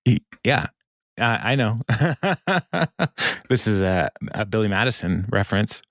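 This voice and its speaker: Slow and sing-song in a lowish voice, a male podcast co-host chats through a TV episode recap, wandering off track, filling pauses, and laughing a lot. The audio is dry and of studio quality.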